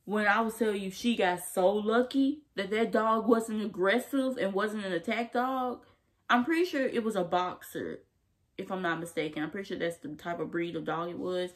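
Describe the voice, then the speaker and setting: A woman's voice: medium pitch, moderate pace. Chatty young woman recapping a show. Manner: animated, emphatic, slangy and laughing. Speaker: TV episode reviewer. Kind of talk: casual recap chat to camera.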